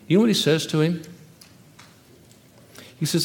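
Emphatic high-voiced male preacher. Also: expressive, moderate pace, long pauses, long reverb tail. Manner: emphatic preaching, swinging from loud rhetorical questions to hushed, quiet stretches. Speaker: pastor. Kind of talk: sermon.

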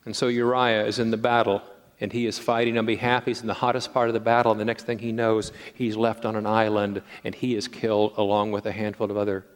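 A middle-aged man preaching a sermon in a church sanctuary, telling stories with animated restarts and repeated words. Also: on the low side, fast talker. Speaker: pastor. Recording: long reverb of a large sanctuary.

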